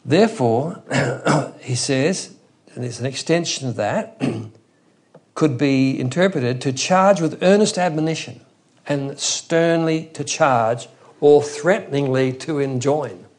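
A man's voice: medium pitch, slow. A man preaching an expository Bible teaching in an earnest, emphatic way, often restarting his phrases.

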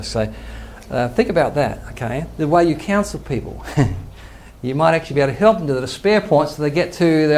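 A man's voice: fairly high pitch, lively intonation, fairly quick, darkish tone. An older man, a pastor earnestly teaching a sermon and quoting scripture. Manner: earnest preaching, quotes scripture, chuckles to himself.

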